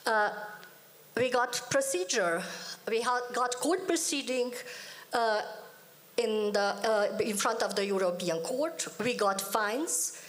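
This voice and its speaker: A woman's voice: fairly high pitch, expressive, slow. A woman giving a formal panel speech, emphatic and repeating key phrases. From Hungary. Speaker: politician on a panel.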